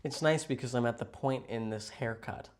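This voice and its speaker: A man chatting casually with viewers on a livestream from a hotel room, rambling, playful and sarcastic, jumping between loud outbursts and mutters. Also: medium pitch, moderate pace. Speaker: livestream host.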